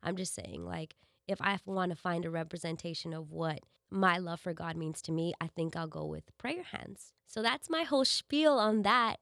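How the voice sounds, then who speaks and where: A woman's voice: fairly low pitch, moderate pace, vocal fry, fairly bright tone, no room sound. Woman host, congested and nasal from a cold, candid casual delivery, dry studio sound. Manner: candid, profane, chatty. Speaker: podcast host and radio DJ. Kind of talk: casual solo podcast talk.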